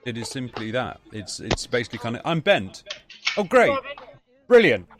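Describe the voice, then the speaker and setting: A man's voice: medium pitch, very animated, a little fast, music in the background. A man from Britain hosting a casual podcast chat, rambling and swearing. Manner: profane, rambling. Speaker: podcast host.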